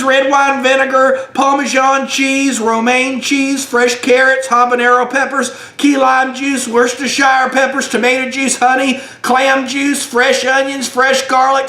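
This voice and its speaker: A man telling a comic story as a retired state trooper, shouting loud, profane rants. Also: very high-pitched. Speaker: comedic hot sauce reviewer playing a retired state trooper. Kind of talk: comedic storytelling. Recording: roomy echo.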